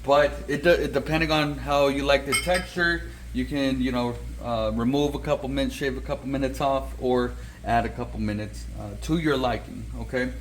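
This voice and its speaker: A man's voice: mid-range voice, fairly even intonation, moderate pace, few pauses, a little hiss or hum, poor audio. A man hosting a home cooking video, talking casually and checking in with viewers with a frequent "okay?". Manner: chatty, says "okay?" often. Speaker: cooking channel host.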